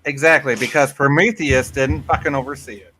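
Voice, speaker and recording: A man's voice: medium pitch, fairly even intonation, a little fast, pushed and bright, faint music behind. A man in a casual livestream chat, cracking crude, swearing jokes.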